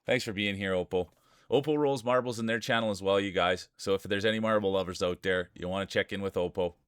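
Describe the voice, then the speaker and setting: A man's voice: deep voice, steady tone, quick pace, clean tone, dry recording, studio quality. A man with a Canadian accent streaming live, greeting his chat by name and joking through marble race commentary. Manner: chatty, greets viewers by name, jokey.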